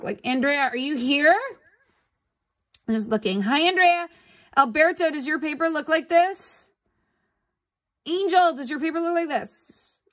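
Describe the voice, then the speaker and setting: Woman art teacher, live online lesson, slightly high, chatty and encouraging, computer mic. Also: a bit bright. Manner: upbeat, chatty, coaxing students to respond. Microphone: computer mic on a video call.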